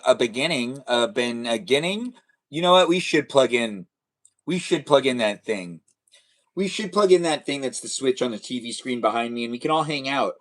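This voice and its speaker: A young man chatting casually on a live stream, rambling playfully from topic to topic and now and then breaking into high squealing calls. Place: home studio near a garage.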